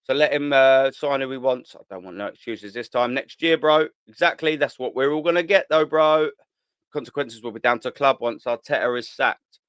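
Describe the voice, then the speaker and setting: A man's voice: medium pitch, moderate pace, fairly bright tone, clean tone, no room sound, studio quality. A young man, hosting a live fan stream and ranting with heat and a lot of swearing. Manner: heated, ranting, repetitive, swears. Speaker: host of a live fan channel. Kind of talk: live-stream rant reading the chat.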